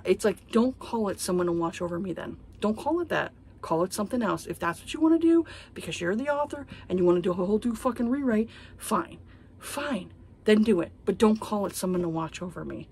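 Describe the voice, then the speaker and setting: A woman's voice: mid-range voice, expressive, fairly quick, a little mellow, slight background noise. A woman in her thirties vlogging about books in a heated, profane, exasperated casual rant. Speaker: book vlogger. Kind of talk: casual ranting monologue.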